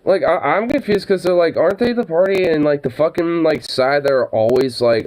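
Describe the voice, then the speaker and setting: A man's voice: fairly high pitch, expressive, brisk, few pauses, darkish tone, slight background noise, low-quality recording. A young man reacting to a news clip, rambling and incredulous, with lots of cursing and stammered restarts. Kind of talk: casual reaction commentary.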